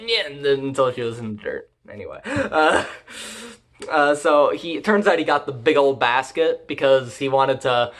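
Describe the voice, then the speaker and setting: An anime reviewer recapping episodes in a rambling, profane way, full of fillers and deadpan jokes. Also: medium pitch.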